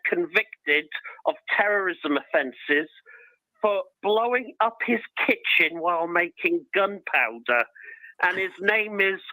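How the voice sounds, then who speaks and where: A man's voice: high-pitched, pushed and bright, no room sound. A man calling in by phone, laid-back and chuckling as he talks. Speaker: caller. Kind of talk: phone-in call. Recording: dry phone line.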